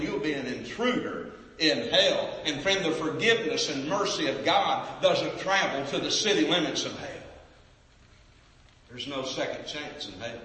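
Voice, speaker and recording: A man preaching an impassioned sermon, swinging between booming cries and hushed pleading in a repetitive preaching cadence. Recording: echoey hall from far off.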